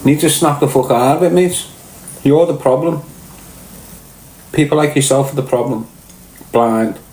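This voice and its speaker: A man's voice: fairly high pitch, a little slow, a little mellow, echoey room, slight background noise, rough recording. A middle-aged man with a Liverpool accent, ranting bluntly and swearing, firing rhetorical questions at his viewers. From Liverpool, England. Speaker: podcast host.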